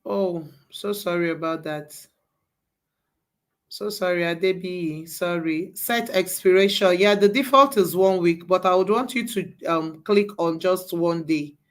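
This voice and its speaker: Woman, bootcamp instructor, unhurried delivery, repeats every step patiently. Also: on the low side. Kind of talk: live class walkthrough.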